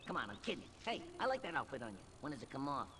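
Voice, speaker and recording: A man's voice: mid-range voice, very animated, very fast, bright, forceful tone, slight background noise. An actor voicing a sarcastic, joking frog-like male sidekick in a video game, in game audio with music underneath. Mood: teasing. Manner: sarcastic, joking, fourth-wall-breaking. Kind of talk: video game cutscene voice acting.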